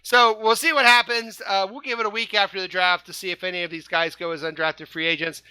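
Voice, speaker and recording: A man hosting a fan podcast, his voice bright and fairly high, close-miked in a dry room. He talks casually, cracks puns and laughs often. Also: steady tone, a little fast, clear, resonant tone, no room sound. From Indiana, USA. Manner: jokey, playful, laughs often. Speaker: podcast co-host.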